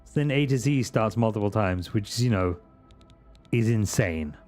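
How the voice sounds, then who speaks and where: A man's voice: lowish voice, animated, moderate pace, a little mellow, faint music behind. A man from Britain, streaming a video game with casual, jokey and profane commentary to his chat.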